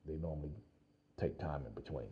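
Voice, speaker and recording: A man vlogging, telling a personal story in a casual, animated way with frequent laughs and fillers. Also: a bass voice, brisk, lo-fi sound, slight background noise.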